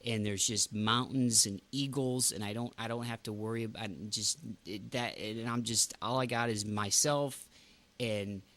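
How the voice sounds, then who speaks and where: A man's voice: on the low side, fairly even intonation, normal speed, a bit bright. A man hosting a podcast in casual chat, ranting with emphatic outbursts. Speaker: podcast host.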